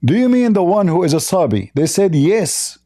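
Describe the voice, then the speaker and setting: Combative, mocking male debater, mellow voice. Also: high-pitched, big pitch swings, normal speed. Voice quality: non-native English phrasing. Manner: combative and mocking, with blunt insults; reads out quoted lines in changing voices. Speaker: religious debater. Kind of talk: heated debate.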